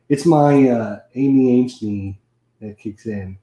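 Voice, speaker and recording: A man hosting a casual chat, rambling and animated as he tells stories. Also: mid-range voice, moderate pace, roomy sound. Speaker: host.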